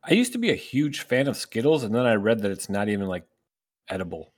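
Laid-back low-voiced man co-hosting. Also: fairly quick. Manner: relaxed, filler-heavy, deadpan humor. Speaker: podcast co-host. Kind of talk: casual fantasy football chat.

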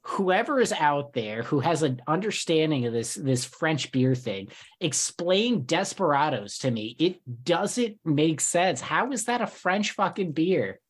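A man's voice: a little high, animated, measured pace, hardly any pauses, husky. A man co-hosting a podcast, ranting in casual chat with plenty of swearing. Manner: indignant, profane ranting. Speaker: podcast co-host.

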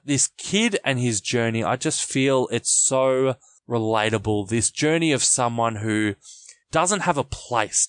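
A man's voice: medium pitch, dry recording, clean studio sound. A man co-hosting a podcast, chatting casually about a film and acting out quotes in a raised voice. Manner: animated, acts out quotes in raised voice. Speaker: podcast co-host. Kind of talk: casual film review chat.

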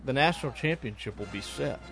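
A man hosting a sports radio show from the studio, upbeat and quick to laugh, in casual chat. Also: mid-range voice, lively intonation, gravelly, fairly bright tone, breathy edge, faint music behind.

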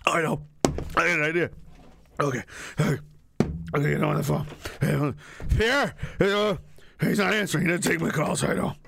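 A man's voice: on the high side, moderate pace, gravelly, pauses often, background noise, pitched below the performer's own voice. A man doing a whiny, panicked politician. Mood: scheming. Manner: whiny, helpless, pleading. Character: panicked, bumbling middle-aged male politician.

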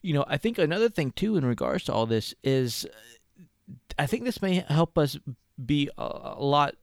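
A man's voice: on the high side, sing-song, normal speed, gravelly, no echo, studio quality. A man co-hosting a casual sports podcast, talking in an easygoing, explanatory way. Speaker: podcast co-host.

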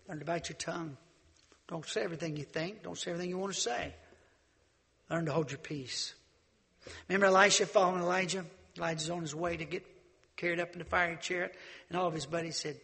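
Fervent preaching man, gravelly, in a reverberant hall. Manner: fervent preaching, swings from shouts to low asides; acts out Bible characters in quick dialogue. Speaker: pastor. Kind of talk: sermon.

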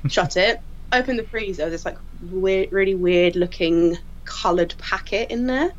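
A woman, a crime scene investigator, telling funny work stories in a casual, animated way and often laughing. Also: medium pitch, a little fast. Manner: animated, laughing storyteller who acts out quotes. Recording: slightly dull lo-fi audio.

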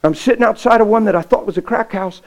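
Man, pastor, sermon, fairly high voice, folksy, impassioned, loud then hushed. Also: fast talker, poor audio. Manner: folksy, plain-spoken. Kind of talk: sermon with storytelling.

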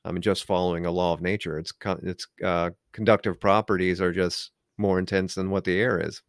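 A man's voice: deep voice, little pitch movement, fairly quick, dry recording, studio quality. A man co-hosting a casual discussion, rambling and full of filler words. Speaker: podcast co-host.

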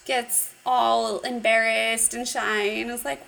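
High-pitched gravelly woman chatting, retelling scenes with silly quotes. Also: unhurried, poor audio. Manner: animated retelling with acted quotes, giggly. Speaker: podcast co-host. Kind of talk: casual recap chat.

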